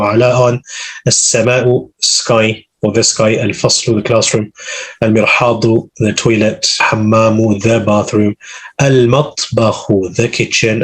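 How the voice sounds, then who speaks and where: Husky male Arabic teacher on a video call. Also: on the low side. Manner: explains patiently, lists vocabulary with translations. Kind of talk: online class teaching.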